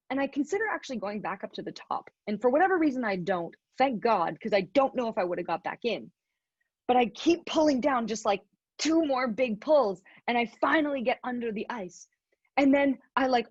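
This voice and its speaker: Husky-voiced woman telling a lively story. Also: high voice, dry recording, dull audio. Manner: animated, laughs often while telling the story. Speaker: motivational speaker. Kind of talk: storytelling keynote talk.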